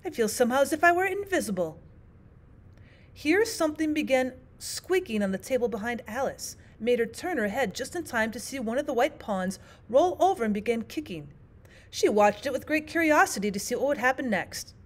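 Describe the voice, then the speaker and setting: Expressive woman reading a storybook aloud. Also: a little high, moderate pace. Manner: expressive, sing-song storytelling. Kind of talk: audiobook narration.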